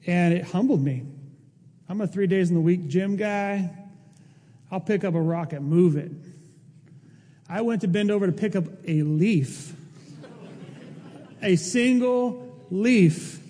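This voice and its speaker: A man's voice: sits high, warm tone, in a large hall. A man, a pastor, delivering an emphatic, emotional sermon. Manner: emotional, emphatic preaching with rising intensity.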